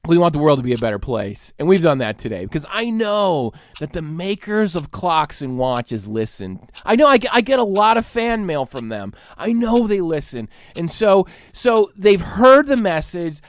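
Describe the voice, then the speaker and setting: A man's voice: sits high, very animated, moderate pace, few pauses, no room sound, clean studio sound. A man in his thirties, a podcast host, delivering a sarcastic comedic rant and acting out both sides of the conversations he describes. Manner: exasperated, sarcastic, acts out both sides of dialogues.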